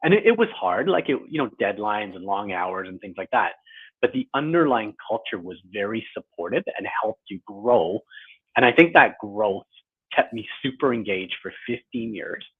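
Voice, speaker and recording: A man's voice: lowish voice, sing-song, normal speed, gravelly, husky. A man in his forties, a guest author, talking through his career in a reflective, lightly self-deprecating way. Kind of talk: conversational interview. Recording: tinny phone-like line.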